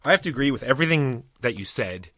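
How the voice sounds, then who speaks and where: A man's voice: medium pitch, expressive, fast, sharp tone, no room sound, studio quality. A man co-hosting a podcast, chatting casually about board games in an easygoing, joking way. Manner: easygoing, joking, loose phrasing. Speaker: podcast co-host.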